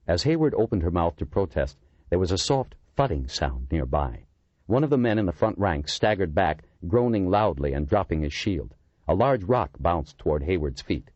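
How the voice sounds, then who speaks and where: Deep, husky male audiobook narrator. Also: lively intonation, normal speed, darkish tone, no room sound, lo-fi sound. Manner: dramatic storytelling.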